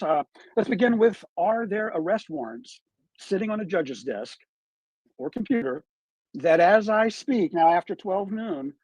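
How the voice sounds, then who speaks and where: A man's voice: sits high, darkish tone, slightly rough, no room sound, rough recording. A man giving true crime commentary on a live stream, emphatic and full of rhetorical questions, played back from his stream.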